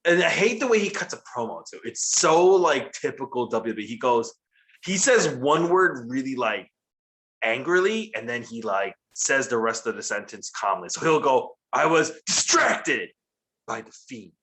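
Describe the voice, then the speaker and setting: A man's voice: mid-range voice, big pitch swings, moderate pace, fairly bright tone. A man co-hosting a casual wrestling recap show, profane and mocking, laughing often and doing sarcastic impressions. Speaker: podcast co-host.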